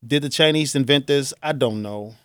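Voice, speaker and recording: A man's voice: mid-range voice, normal speed, dry recording, studio quality. A middle-aged man from Chicago, a radio host delivering an earnest, grieving talk-show monologue that rambles with restarts. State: choked up.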